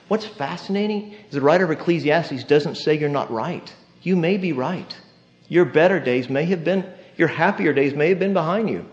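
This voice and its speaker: A man preaching a sermon with animated delivery, acting out quoted voices and dropping from loud lines to hushed ones. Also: fairly high pitch, normal speed, muffled recording. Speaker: pastor.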